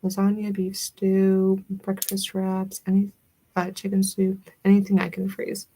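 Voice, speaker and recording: A young woman with a light Southern accent chats casually with her livestream audience. Her voice carries a gravelly vocal fry, and she rambles with fillers and giggles, her pitch sitting right in the middle. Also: monotone, measured pace, mellow. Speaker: livestream host. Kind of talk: casual chat with viewers.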